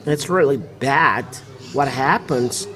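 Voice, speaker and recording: A man preaching a live church sermon, halting with many fillers and restarts. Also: mid-range voice, fairly bright tone, low-quality recording.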